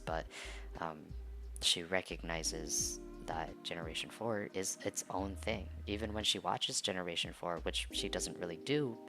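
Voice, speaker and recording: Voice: deep voice, gravelly. A young adult fan rambling casually while drawing, hesitant, with many fillers and restarts. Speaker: fan commentator. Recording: music playing behind the voice.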